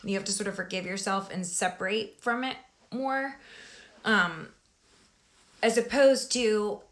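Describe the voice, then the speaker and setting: A woman chatting casually with her viewers about her recovery, digressive and quick to laugh, with sudden animated outbursts. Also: mid-range voice. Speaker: vlogger sharing her recovery story. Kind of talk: casual live chat with viewers.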